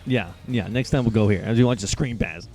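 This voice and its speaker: A young man doing live play-by-play for a video football game, keeping his excitement quiet so as not to wake his housemates. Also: lowish voice, brisk, faint music behind. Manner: holding back his volume, hyped but quiet. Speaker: play-by-play commentator. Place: shared house at night.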